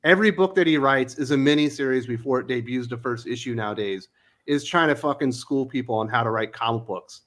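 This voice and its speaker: A man's voice: medium pitch, a little fast, a bit bright. A man hosting a casual comics panel chat, blunt and swearing freely as he reads out comments. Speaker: podcast host.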